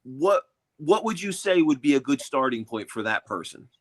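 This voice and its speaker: A man's voice: on the high side, sing-song, normal speed, no room sound. A man co-hosting a podcast, interviewing a guest with engaged, encouraging questions. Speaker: podcast co-host.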